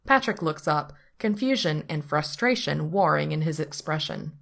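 A woman narrating a story aloud in an even, unhurried manner. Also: deep voice, gravelly. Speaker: story reader. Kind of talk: reading fan fiction aloud.

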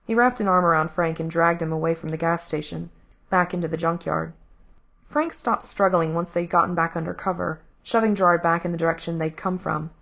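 A woman reading a story aloud, her voice sitting a little low. Her delivery is steady and measured, line by line, as she narrates. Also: gravelly.

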